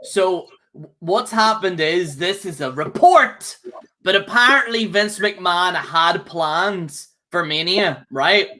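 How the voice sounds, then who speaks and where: A man co-hosts a wrestling chat with a bright, forceful tone. He rants angrily and swears freely. He circles back on his own words and keeps checking in with "okay?". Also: sits high, animated, slow pace. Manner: angry, profane, repeats himself, keeps ending with "okay?". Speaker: co-host. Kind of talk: casual podcast rant.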